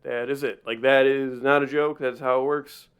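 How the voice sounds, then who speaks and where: A man's voice: medium pitch, flat delivery, moderate pace, clear, resonant tone. A man co-hosting a podcast in casual comedic chat, telling stories in a rambling way with many restarts. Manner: rambling, self-interrupting storyteller. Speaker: podcast co-host.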